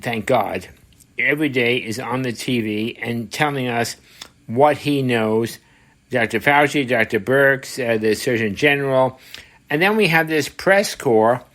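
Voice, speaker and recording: A man's voice: mid-range voice, fairly bright tone. An older man hosting his own show, giving an emphatic political commentary monologue, repeating phrases and using many fillers. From United States. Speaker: show host.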